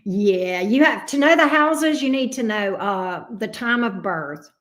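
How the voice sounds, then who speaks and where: Here a tarot reader in her fifties runs a casual livestream, going through viewer comments in a measured, lively way. Her voice sits in the mid-range with a slightly bright quality, and her manner is profane, blunt, and full of easy laughter.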